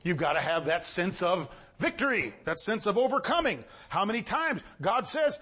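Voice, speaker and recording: A high-voiced male preacher delivering a sermon with lots of movement in his delivery. He reads old-fashioned scripture in a measured tone, then climbs into excited, ringing exclamations. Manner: animated, swings from low reading to high exclamations; reads scripture in King James wording.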